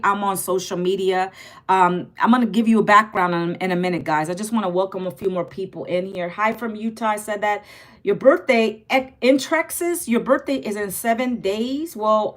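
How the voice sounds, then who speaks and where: A Virginia woman in her forties hosts a casual phone livestream, greeting viewers by name and reading out their comments. Her mid-range voice is a bit bright.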